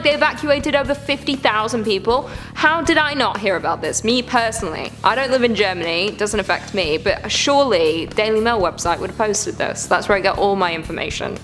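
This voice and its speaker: A woman chatting her way through scary clips in a loose, joking tone, swearing now and then. Her voice sits at a middle pitch, with faint music in the background. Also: a bit bright. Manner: chatty, swears, reacts with gasps and jokes. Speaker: reaction video host. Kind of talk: casual reaction commentary.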